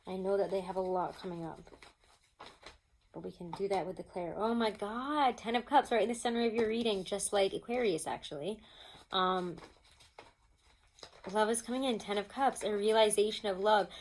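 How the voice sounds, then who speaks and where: A woman's voice: mid-range voice, normal speed, pauses often, low-quality recording. Woman, chatty tarot reader, casual, lots of fillers, at home. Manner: chatty, animated, many "like" and "um" fillers. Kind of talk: casual tarot reading to viewers. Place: home with pets nearby.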